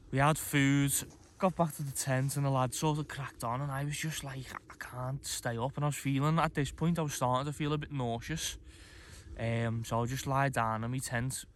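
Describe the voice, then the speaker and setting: Talking to his camera at a mountain campsite in the morning, the man is chatty and self-deprecating, drifting off on tangents the way a camping vlogger does. His voice sits mid-range, with slight background noise in the clip.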